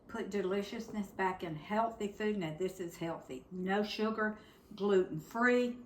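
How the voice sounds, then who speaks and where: A woman's voice: mid-range voice, a little slow, a little hiss or hum. An older woman, hosting a casual home cooking demo in her kitchen and chatting straight to her viewers. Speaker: cooking show host.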